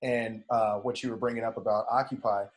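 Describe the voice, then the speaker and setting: A man's voice: medium pitch, a little fast. A man in casual podcast conversation, telling a story and acting out the dialogue, swearing now and then. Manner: animated, acts out dialogue in retelling. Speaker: podcast guest.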